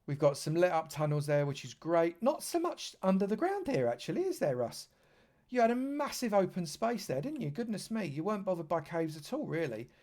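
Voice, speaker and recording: A man streaming a live walkthrough of a game world, talking in a slightly high voice. He chats freely and gushes over everything he points out. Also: sing-song, fairly quick, darkish tone. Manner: effusive, chatty, lavish with praise. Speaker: streamer touring a game server. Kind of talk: live gameplay tour commentary.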